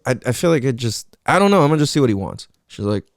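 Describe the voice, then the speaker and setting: A man's voice: medium pitch, big pitch swings, fast, dry recording, clean studio sound. A man hosting a podcast, telling a story casually and swearing a lot. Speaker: podcast host.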